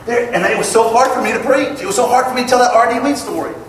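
A man preaching a sermon to his congregation, emphatic and building to loud exclamations. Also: very high voice, quick pace, far from the mic, a little hiss or hum. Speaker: pastor. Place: church sanctuary. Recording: echoey hall, picked up from afar.

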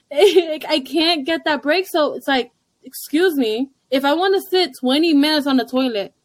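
A young woman and stay-at-home mom co-hosting a casual chat, animated and blunt, laughing often. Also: high-pitched, normal speed, no room sound.

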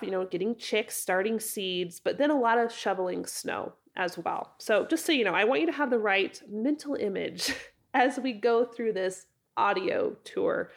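A woman hosting a casual solo podcast, hoarse and raspy from a head cold, chatting and rambling in a friendly way. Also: mid-range voice. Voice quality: raspy, froggy. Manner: chatty, rambling, self-correcting with laughs. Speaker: podcast host.

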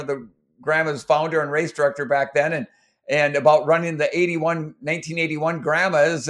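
A middle-aged man from Minnesota, telling race stories in an interview, rambling with many restarts and getting emotional. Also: a little high. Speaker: guest, former marathon runner. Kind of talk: storytelling interview.

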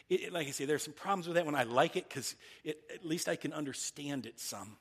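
A man preaching a sermon in an earnest, halting way, often restarting his phrases. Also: a little high, gravelly, breathy edge. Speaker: pastor.

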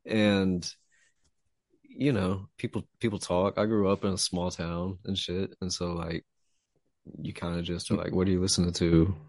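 A man's voice: low-pitched, little pitch movement, a little slow, dry recording, clean studio sound. A man from Texas, a writer talking loosely and profanely as a guest in a casual interview. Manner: loose and profane, laughing easily.

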